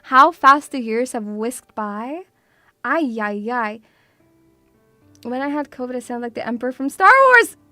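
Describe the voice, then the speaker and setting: A woman's voice: a little high, animated, measured pace, pushed and bright, no room sound, soft background music. A woman streamer chatting casually and playfully with her viewers. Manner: playful, bubbly, teasing. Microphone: studio mic through audio mixer.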